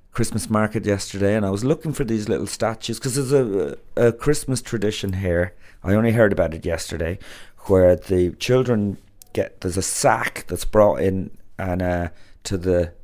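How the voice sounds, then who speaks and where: Deep-voiced rambling man. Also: a little mellow. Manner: chatty, rambling, many fillers and restarts. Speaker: podcast host. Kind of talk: casual rambling monologue.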